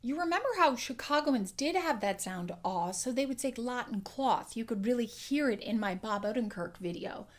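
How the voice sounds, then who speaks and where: Clear, instructive female accent coach. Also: fairly high pitch, lively intonation, fairly quick, hardly any pauses. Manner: clear, instructive, demonstrating sounds. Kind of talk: explanatory lesson.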